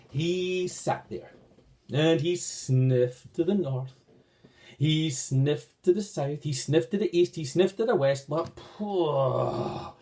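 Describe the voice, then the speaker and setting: Brief: male storyteller for kids, mellow dark tone, very lively pitch, unhurried read-aloud. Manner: slow, expressive read-aloud with sweeping pitch. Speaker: children's storyteller. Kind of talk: storybook narration for children.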